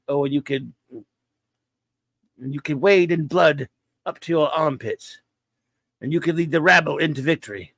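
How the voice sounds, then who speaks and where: A man voicing a cold, cynical male space rebel with a low snarling growl. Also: gravelly, fairly bright tone, no echo.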